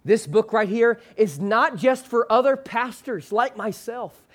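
Man, pastor, sermon, high voice, call-and-response, phrase endings trailing low. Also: expressive. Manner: preacher leading the congregation in call-and-response, slowing hard on the key phrase; drops low and soft at the ends of phrases. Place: church sanctuary with a screen behind him.

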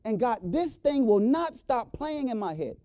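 High-pitched preacher guy, darkish tone, dry close sound, slows way down on the big points. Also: very animated, mellow, no room sound. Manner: preaching with emphatic rises and drawn-out phrases. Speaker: guest revival preacher. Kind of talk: sermon. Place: church sanctuary.

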